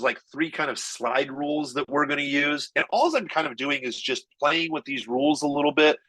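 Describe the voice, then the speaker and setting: A man's voice: fairly high pitch, low-quality recording. Chatty man giving a live demo. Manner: energetic, chatty, quick shifts in pace. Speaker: marketing presenter.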